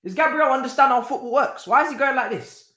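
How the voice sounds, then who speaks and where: A man's voice: very high-pitched, lively intonation, fast talker, bright, forceful tone, reverberant. A young man, hosting a live football watchalong, exclaiming and swearing as he reacts.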